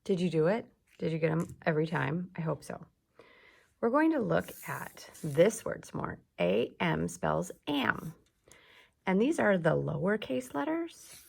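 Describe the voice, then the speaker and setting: A woman teacher leading an early reading lesson for young children, speaking slowly and clearly and drawing out her words. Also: lowish voice, big pitch swings, darkish tone. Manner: slow, clear teacher talk with drawn-out words.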